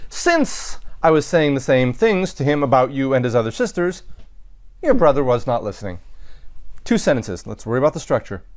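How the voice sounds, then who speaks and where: Man thinking aloud in a lecture. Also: fairly high pitch. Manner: thinking aloud, with restarts and self-corrections. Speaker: Latin teacher. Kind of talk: recorded lecture.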